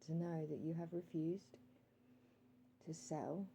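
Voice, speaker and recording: A woman vlogger speaking earnestly straight to one listener, calling him sir, pausing often with ums and reading out her timer as she goes. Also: sits low, fairly even intonation, gravelly, mellow, a little hiss or hum, rough recording. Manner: calls out timer readings while talking. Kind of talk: direct-to-camera monologue.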